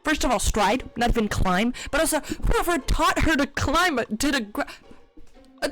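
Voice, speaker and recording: A woman's voice: high voice, lively intonation, normal speed, a bit bright, soft background music. A woman giving sarcastic, exasperated commentary while reviewing a webcomic, with frequent swearing. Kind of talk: casual commentary reading.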